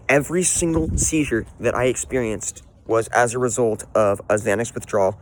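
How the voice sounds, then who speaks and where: A man in his twenties bluntly telling a personal story, swearing often. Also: medium pitch. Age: 20s. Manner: blunt, profane, candid storytelling. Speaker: vlogger.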